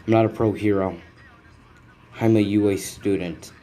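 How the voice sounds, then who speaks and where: A man's voice: fairly low pitch, fairly even intonation, normal speed, warm tone, close to an everyday voice. A man voicing a stubborn, curt teenage boy hero in a story he tells, speaking in short clipped lines. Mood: defiant.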